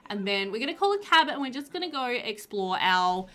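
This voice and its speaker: A woman's voice: a little high, sing-song, a little fast, sharp tone. A woman giving a casual voiceover commentary on her gameplay, chatty and rambling with a bubbly manner. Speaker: gaming video creator. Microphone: voiceover recorded after gameplay.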